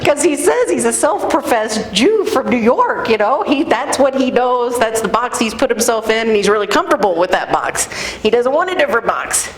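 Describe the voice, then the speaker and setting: A woman pastor giving a sermon in a conversational, animated storytelling way. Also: on the high side, moderate pace. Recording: echoey room, faint noise.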